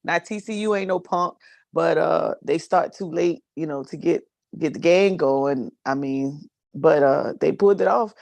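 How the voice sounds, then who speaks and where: A woman's voice: sits low, a little slow, vocal fry, a little mellow, no echo. A woman in a casual video call chat, talking in a chatty way and laughing easily.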